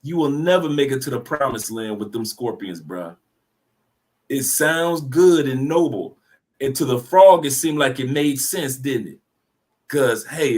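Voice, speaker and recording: A man co-hosting a casual discussion, animated and preachy, with slangy talk and repeated words. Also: medium pitch, a little slow.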